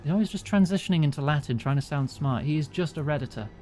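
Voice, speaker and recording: A man's voice: on the high side, expressive, quick pace, a little mellow, soft background music. Wry man streaming a game. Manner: wry, joking asides. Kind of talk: casual gameplay commentary, reading dialogue aloud.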